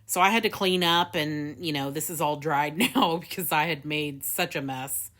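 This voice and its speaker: Woman, craft tutorial host, low-ish voice, casual and rambling with fillers. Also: normal speed, a bit bright. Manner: chatty, laughs often, many fillers.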